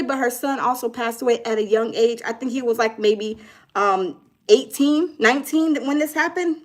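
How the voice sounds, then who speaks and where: A woman with a bright, high-pitched voice, talking casually about crime news. Her delivery is preachy and conversational, with mocking quotes of others slipped in. She speaks like a host addressing her viewers. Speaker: commentary host.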